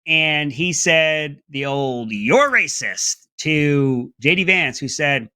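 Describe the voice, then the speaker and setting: A man's voice: expressive, slow, hardly any pauses, pushed and bright, clean tone, dry recording, clean studio sound. A man hosting an opinionated political commentary segment, talking in a mocking, sarcastic way. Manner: mocking, breaks into high mimicking voices.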